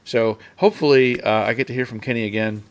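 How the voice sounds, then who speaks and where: A man's voice: medium pitch, steady tone, quick pace. A man hosting a casual live stream, rambling along with fillers and restarts and reading out viewers' chat comments.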